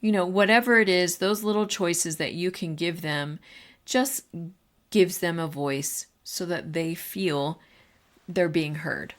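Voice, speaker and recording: A woman with a somewhat low voice speaks in a relaxed, conversational way. She hosts a podcast for teachers and addresses her listeners directly as she shares advice. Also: slow. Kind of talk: casual advice talk.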